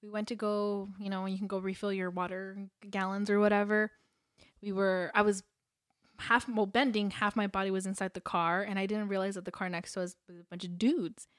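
A young woman chats on a podcast, her voice dry and close with no room around it. She tells stories animatedly and drops sarcastic quoted lines. Her pitch sits in the middle. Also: level tone, brisk, clean tone, no room sound. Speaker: podcast co-host. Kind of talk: casual chat.

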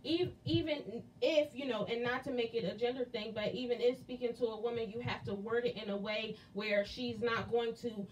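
A woman's voice: a little high, steady tone, moderate pace, hardly any pauses, lo-fi sound, slight background noise. Chatty woman, slightly distant mic. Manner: chatty, laughs easily, many "like" fillers. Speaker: podcast co-host. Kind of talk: casual chat.

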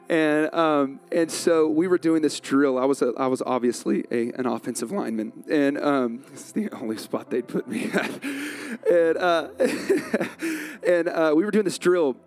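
A male pastor preaching a sermon, telling a self-mocking story with frequent laughter. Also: medium pitch.

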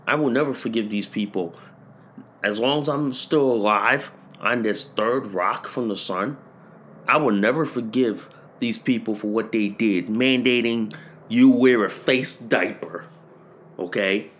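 A man hosting a podcast, ranting and hammering the same phrases over and over, rising to shouted peaks. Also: mid-range voice. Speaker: podcast host. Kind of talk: political rant.

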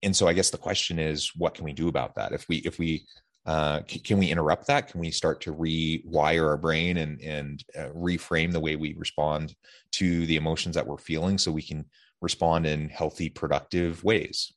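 A man hosting an interview podcast, posing a long reflective question with measured fillers. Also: extremely low pitch, fairly even intonation. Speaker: podcast host.

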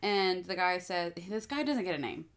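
A woman's voice: fairly low pitch, animated, moderate pace. A woman co-hosting a podcast, casually recapping a TV episode, rambling with lots of fillers and acting out characters' lines. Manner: rambling, many fillers, acts out lines in quotes. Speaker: podcast co-host.

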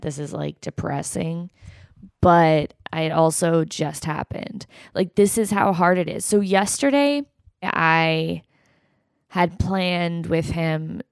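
A woman's voice: fairly low pitch, smooth, dry recording. A woman hosting a podcast, venting on her own with frequent swearing and quoted asides. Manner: venting, swearing, quoting others in quick asides. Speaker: podcast host. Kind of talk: frustrated solo recording after a call.

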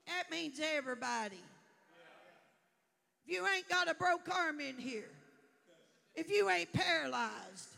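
A woman preacher delivering a fervent sermon to a congregation, building up to shouts. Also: extremely high pitch, animated, a little slow, gravelly, pauses often.

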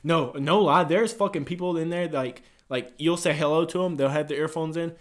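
A man's voice: a little high, moderate pace. Casual, cursing young man telling stories. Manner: profane, animated storyteller acting out callers. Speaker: gym front desk worker. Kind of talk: casual storytelling chat.

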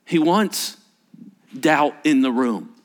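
Animated male pastor preaching a sermon. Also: fairly high pitch, slow. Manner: animated preaching, swinging from emphatic to hushed and whispered. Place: church service.

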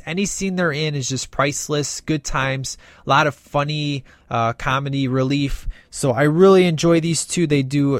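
A man's voice: medium pitch, no room sound, studio quality. A man casually reviewing a film in a rambling, enthusiastic way, with many fillers. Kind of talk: casual movie review monologue.

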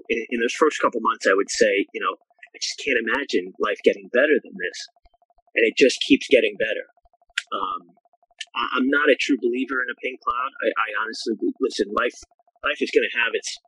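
A man sharing his recovery story at a meeting he chairs, halting and heartfelt, with frequent restarts. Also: fairly low pitch, bright, forceful tone, husky, no echo, poor audio. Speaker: AA group chair. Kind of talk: personal recovery share on a video call. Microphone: video call.

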